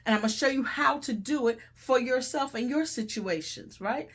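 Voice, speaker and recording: A middle-aged woman hosting and preaching a sermon-style Bible teaching, animated and conversational with folksy asides and repeated phrases. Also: a little high. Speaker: host and preacher.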